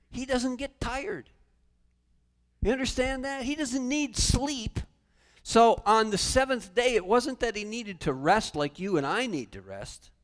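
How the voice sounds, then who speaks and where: A male pastor preaching a sermon in a church sanctuary, animated, with humorous asides. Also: very high voice. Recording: long church reverb.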